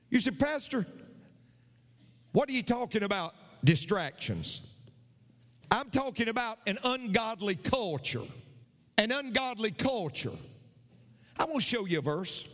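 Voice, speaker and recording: High, lively-voiced preaching man. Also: big-room sound. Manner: repetitive, emphatic preaching. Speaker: pastor. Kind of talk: sermon.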